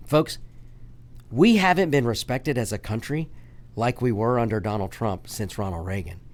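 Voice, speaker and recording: A man's voice: medium pitch, moderate pace, slight background noise. A man hosting a political talk radio show, delivering an emphatic, repetitive monologue and calling his listeners "folks.".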